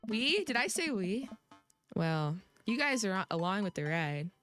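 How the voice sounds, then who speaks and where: This is casual let's-play talk from a young woman streaming a dating game; she giggles, rambles, teases herself, and is coughing. Her medium-pitched voice sounds sing-song and fairly bright, unhurried, with faint music behind it.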